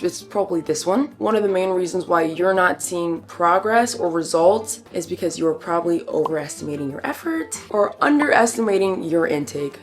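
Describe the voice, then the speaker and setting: A woman fitness coach talking in a casual, chatty vlog, sassy and teasing, often dropping to a soft, confiding voice for asides. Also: on the low side.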